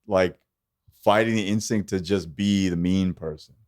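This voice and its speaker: Low-voiced comedian guest, reflective man. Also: moderate pace, darkish tone, dry recording, studio quality. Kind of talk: casual podcast chat.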